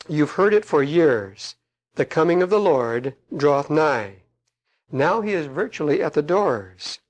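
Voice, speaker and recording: Man, middle-aged, preacher, sermon reading aloud, slow deliberate emphasis, fillers, fairly high pitch. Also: a little mellow, rough recording.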